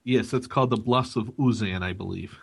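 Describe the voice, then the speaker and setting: A man's voice: lowish voice, brisk, creaky, breathy edge. A man co-hosting a gaming podcast, teasing his co-host in casual banter with chuckles.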